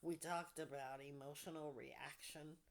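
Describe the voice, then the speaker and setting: Slow, low-voiced woman host, soft and deliberate. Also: fairly even intonation. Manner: slow, soft and deliberate, trailing off to near whispers. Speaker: podcast host leading a support group. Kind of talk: reflective talk to a group.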